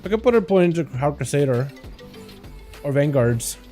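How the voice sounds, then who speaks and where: Man, fairly high voice, mellow tone, casual gameplay chatter, faint music behind. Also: lively intonation, moderate pace. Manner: chatty, lots of "like", greets viewers by name. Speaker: livestream host. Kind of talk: casual live gameplay commentary.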